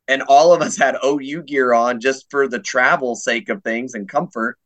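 A man co-hosting a casual sports podcast, relaxed and laughing along. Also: medium pitch, normal speed, rough recording. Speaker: podcast co-host.

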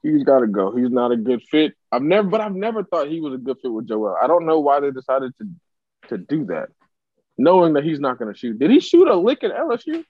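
A man in casual sports banter with a fairly high voice that leaps all over the place as he rants. The sound is dry and a little dull, with no room around it. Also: fairly quick, dry recording. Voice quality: animated, ranting, jumps high in pitch when worked up. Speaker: podcast co-host.

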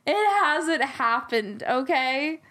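A woman with a high voice retells a story in loose, rambling chat. Her sentences are full of fillers and asides as she goes. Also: slow pace, bright, forceful tone. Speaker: storyteller retelling a folk tale. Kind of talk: casual chat.

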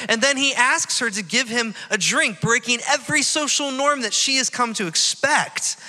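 A man preaching a sermon, retelling a Bible story in an animated way and acting out the dialogue. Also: high voice. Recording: long reverb of a church hall.

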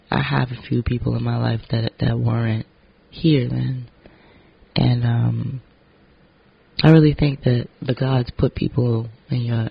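Raspy, gravelly man talking candidly. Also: mid-range voice, highs cut off. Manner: candid, rambling, profane. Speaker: vlogger and actor. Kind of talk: casual vlog monologue.

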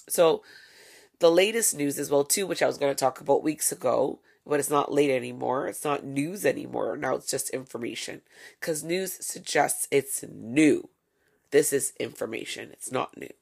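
A woman's voice: very deep voice, gravelly. A woman hosting a casual solo podcast, delivering sarcastic, profane, gossipy commentary. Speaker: podcast host.

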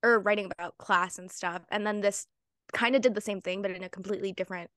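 A young woman chatting casually on a book club podcast. She is quick to agree and add her own take, speaking at a middle pitch. Her voice sounds dry and close, with no room echo. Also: steady tone, a bit bright. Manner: agreeable, quick to chime in with "yeah" and "mm-hmm". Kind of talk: casual chat.

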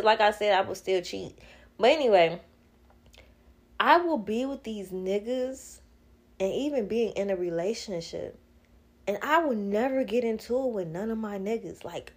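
A woman, hosting her own podcast in a blunt, candid casual monologue, laughing often and swearing freely. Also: mid-range voice. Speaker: podcast host.

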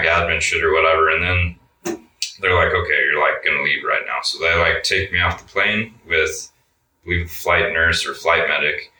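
A man's voice: deep voice, bright, forceful tone, recorded from a distance, a little hiss or hum. A young man telling a story in a laid-back interview, cursing a lot and saying "like" all the time. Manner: laid-back, swears a lot, says "like" often. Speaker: guest. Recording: roomy sound, mic set back.

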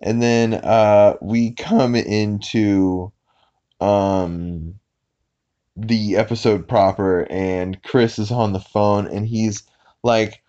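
A man with a lowish voice talks through a cartoon episode in a loose, rambling way, full of "uh" and "um" and quick restarts. He slips into brief silly voices when quoting characters. The audio sounds dull and lo-fi. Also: fairly even intonation, mellow, clean tone. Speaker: podcast host. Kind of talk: casual episode recap.

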